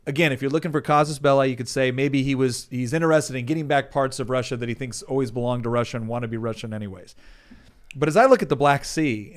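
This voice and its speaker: A man appearing as a guest on a political talk show, laying out his arguments and driving them home with rhetorical questions. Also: medium pitch. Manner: analytical, building points with rhetorical questions.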